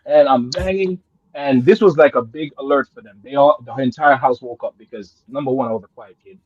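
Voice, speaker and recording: A guest who grew up in Jamaica tells a story in casual chat, talking a little fast with a breathy edge. He swings from loud excited bursts to low murmurs, laughing and swearing often. The recording is muffled but has no echo.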